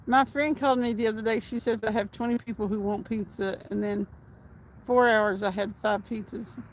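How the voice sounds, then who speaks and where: A woman's voice: medium pitch, fairly even intonation, moderate pace, slight background noise, poor audio. A woman hosting a casual fishing livestream outdoors at night, chatting and reading viewer comments aloud with frequent laughs. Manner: chatty, reads chat aloud, laughs often.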